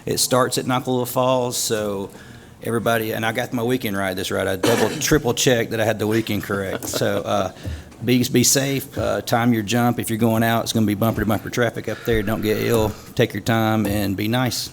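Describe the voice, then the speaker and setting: A man's voice: on the low side, level tone, a little fast, vocal fry, a little hiss or hum. A man speaking as a city councilman, giving friendly reminders to be careful at a council meeting.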